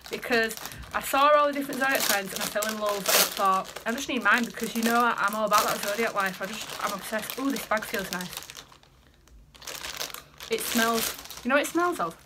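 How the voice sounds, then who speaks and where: A woman's voice: a little high, brisk, heavy background noise. A young woman chatting in a casual home vlog, bubbly and rambling as she gushes over things. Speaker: vlogger. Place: family home, indoors.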